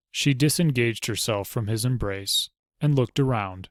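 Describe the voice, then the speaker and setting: A man's voice: mid-range voice, measured pace, dry recording. Man narrating an audiobook, dry close sound.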